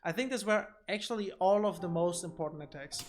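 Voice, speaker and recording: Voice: mid-range voice, fairly quick, faint music behind. A streamer giving casual gameplay commentary on a desk mic, thinking aloud and often repeating words while explaining boss fights.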